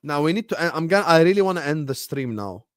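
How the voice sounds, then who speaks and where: A man hosting a football watchalong stream, bantering with chat and breaking into loud bursts when the match heats up. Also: a little high, big pitch swings, quick pace, no room sound, studio quality. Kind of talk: casual live-stream chat with match commentary.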